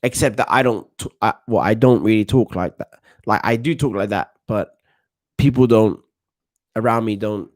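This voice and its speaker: A man's voice: on the low side, normal speed. Chatty London man streaming football. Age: 30s. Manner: chatty, self-assured, greets viewers and reads chat. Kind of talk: casual live-stream commentary.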